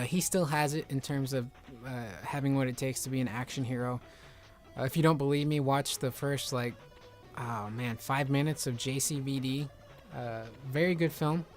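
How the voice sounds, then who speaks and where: A man hosting casual game commentary, rambling excitedly with lots of filler words. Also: mid-range voice. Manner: rambling, excitable, heavy use of "like". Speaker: video game reviewer.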